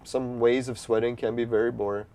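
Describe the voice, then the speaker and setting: With a mellow mid-range voice that barely shifts in pitch, this man speaks briskly. He's a gameplay streamer casually narrating an online game, easygoing, rambling and freely profane, with allergies making his nose slightly stuffy.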